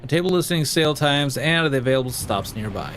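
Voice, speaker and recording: A man's voice: medium pitch, expressive, fast, a bit bright, soft background music. A man hosting a let's play, chatting in a rambling, playful way with many fillers. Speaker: gaming channel host.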